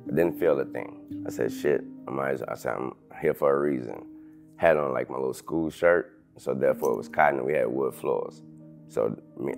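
Very deep gravelly man, halting. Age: 30s. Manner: halting, restarts sentences, loud when quoting others. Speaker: interview guest. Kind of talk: candid personal storytelling.

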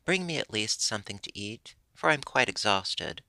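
A man's voice: lowish voice, lively intonation, moderate pace, bright, forceful tone, no echo, full character voice. A man voicing a desperate young wooden boy puppet, pleading urgently in a raised voice.

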